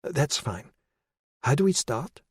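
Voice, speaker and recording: A male audiobook narrator voicing a nervous woman psychiatrist in her late forties, speaking in a hesitant, measured way. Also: fairly high pitch, very animated, breathy edge, dry recording, clean studio sound, voice pushed up, heavily acted. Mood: guarded.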